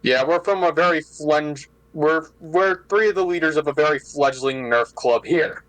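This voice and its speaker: Casting: eager young-sounding club leader, rambling and chatty, dry close sound. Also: male voice, a little high, moderate pace, fairly bright tone, dry recording, low-quality recording. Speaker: club leader joining a meeting. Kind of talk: casual meeting talk.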